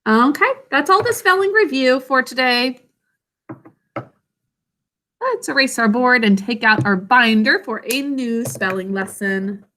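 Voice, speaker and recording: Slow, bright-voiced woman teacher. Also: a little high, expressive, a little hiss or hum. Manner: slow, clear, sounds words out syllable by syllable. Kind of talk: online spelling lesson for children.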